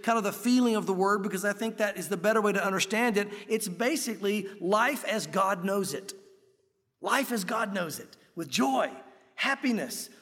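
High-voiced man preaching in a reverberant hall. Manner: emphatic, conversational preaching with sudden loud peaks. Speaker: pastor. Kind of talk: sermon. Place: church sanctuary. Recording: long reverb of a large hall.

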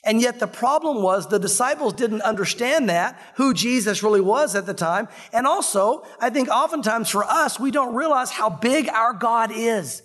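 A male pastor delivering a sermon in a high-pitched voice. He preaches in an animated storytelling manner and slips into the voices of the people in his stories. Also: moderate pace, few pauses.

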